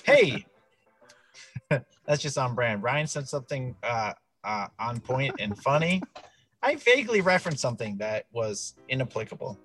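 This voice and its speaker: A man's voice: mid-range voice, unhurried, husky, faint music behind. A man co-hosting a casual podcast and reading quiz cards in a playful, joking way. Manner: playful, jokey, animated. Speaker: podcast co-host, quiz reader. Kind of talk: casual chat.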